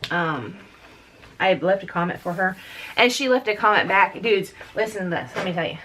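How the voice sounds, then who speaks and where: Working on scrapbooking at home with the craft room door open, a woman speaks at a moderate pace in a mid-range, fairly bright voice. Her casual, rambling chat often addresses viewers as "dude," and there's a slight hiss or hum.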